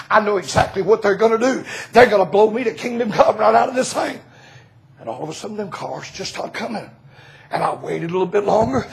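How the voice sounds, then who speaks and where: A man preaching a sermon, telling stories with lots of laughter and swinging from shouted climaxes to hushed retellings. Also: high-pitched, brisk, gravelly. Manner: laughs through lines.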